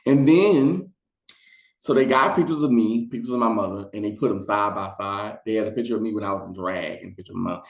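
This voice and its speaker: A man telling a personal story in casual vlog style, acting out the people he quotes. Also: fairly quick. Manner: animated, acts out quotes in high voices. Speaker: storytime vlogger. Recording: roomy, dull lo-fi sound.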